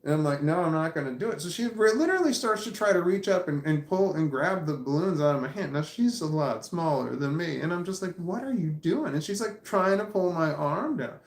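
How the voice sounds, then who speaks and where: A man's voice: fairly high pitch, brisk, few pauses. Male vlogger, casual profane storytelling, restarts and repeats, roomy echo. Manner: animated, profane, repeats himself while recounting.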